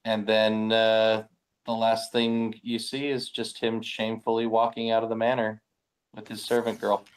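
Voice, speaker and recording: A man's voice: lowish voice, completely flat delivery, measured pace. A man playing in a tabletop game, describing his character's ending hesitantly, with many fillers. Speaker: player.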